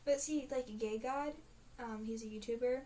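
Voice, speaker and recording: A woman's voice: fairly high pitch, fairly even intonation, normal speed, mellow. A teenage girl chatting in a casual video diary, rambling and dramatic, full of fillers. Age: teens. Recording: faint hiss, mic a bit distant.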